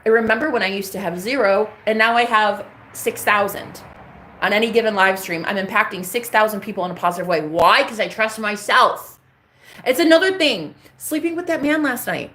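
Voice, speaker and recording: A woman content creator talks straight to camera in a casual vlog monologue, candid, emphatic, and full of swearing, like she's talking to herself. Her voice is on the high side, bright and forceful, at normal speed.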